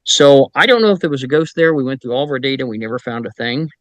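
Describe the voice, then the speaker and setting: A man's voice: mid-range voice, fast talker, no echo, muffled recording. A middle-aged man who investigates the paranormal, telling stories in casual chat and acting out the voices of people he quotes. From Indiana, US. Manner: animated anecdotes, acts out quoted voices; frequent fillers and restarts. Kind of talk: casual storytelling.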